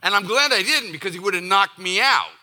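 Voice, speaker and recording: A man's voice: sits high, animated, fairly quick, sharp tone. A middle-aged male pastor from the Boston area giving a conversational, jokey sermon, acting out the voices of his listeners.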